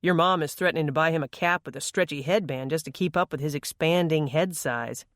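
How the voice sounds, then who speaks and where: A narrator voicing a firm, fatherly middle-aged man with a deep baritone in an audiobook. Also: brisk, fairly bright tone, no room sound, studio quality, close to an everyday voice.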